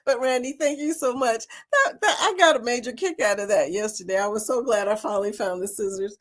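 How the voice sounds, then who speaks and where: A woman's voice: a little high, moderate pace. A woman hosting a casual live chat, bubbly and laughing often as she talks to her viewers by name. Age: older. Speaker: livestream host.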